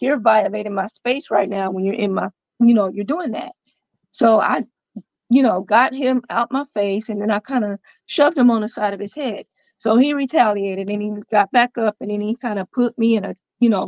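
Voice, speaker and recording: A woman's voice: a little high, darkish tone, no room sound, lo-fi sound. A woman guest on a podcast, recounting her own story in a loose, conversational way with many fillers and quoted dialogue. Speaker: interview guest. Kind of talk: personal storytelling in a podcast interview.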